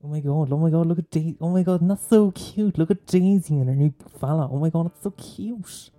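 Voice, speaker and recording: A man's voice: a little high, fairly quick, mellow, faint music behind, voice pushed up, natural voice. A man mimicking a young woman gushing breathlessly over a couple's photos.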